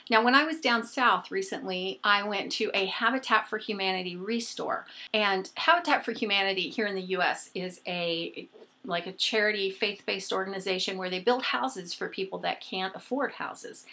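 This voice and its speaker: A woman's voice: mid-range voice, vocal fry, bright, forceful tone. A woman chatting casually and gushingly as a book vlogger showing off her new books. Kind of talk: casual book haul chat.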